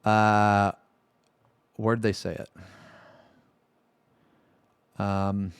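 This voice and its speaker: A man's voice: lowish voice, little pitch movement, extremely slow, clean tone, no room sound. A man streaming live, ranting emphatically, swearing freely and checking in with the audience again and again. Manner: emphatic, keeps asking "okay?", swears freely.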